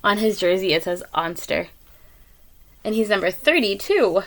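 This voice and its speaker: A woman reading a picture book aloud to children, gentle and expressive, with gasps and little asides to her listeners. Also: medium pitch, moderate pace. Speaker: read-aloud reader.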